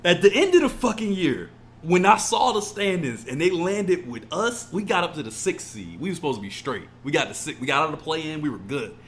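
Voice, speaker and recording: A man's voice: on the high side, very animated, fairly quick, fairly bright tone. A man co-hosting a casual podcast, ranting emotionally and swearing a lot. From California. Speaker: podcast co-host. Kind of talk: casual chat.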